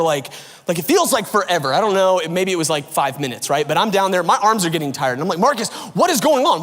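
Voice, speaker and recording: Guy pastor telling a goofy story at church, high voice, big hall echo, keeps laughing at himself. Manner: animated and self-mocking, acts out quotes, laughs often. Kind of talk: storytelling sermon. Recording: long hall reverb.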